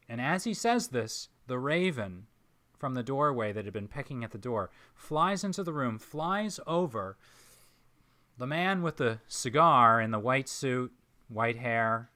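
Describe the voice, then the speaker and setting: A man narrating as game master of a tabletop role-playing game, describing scenes in a measured, pausing way. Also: mid-range voice, animated, pushed and bright. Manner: measured, descriptive, with frequent pauses.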